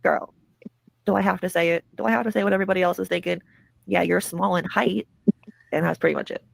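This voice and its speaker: A woman's voice: fairly low pitch, steady tone, fast talker, vocal fry, dry recording. A woman hosting a drama commentary show, ranting in a sarcastic, mocking and profane way. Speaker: commentary channel host.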